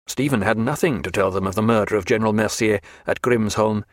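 An audiobook narrator, a man with a lowish voice, reads a novel from a script in a measured, even storytelling manner. The recording is dry, with clean studio sound.

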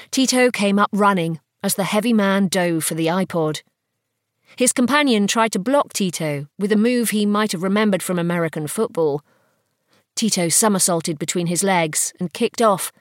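Female audiobook narrator, mid-pitched, steady and measured, dry booth sound. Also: no echo. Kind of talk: scripted fiction narration.

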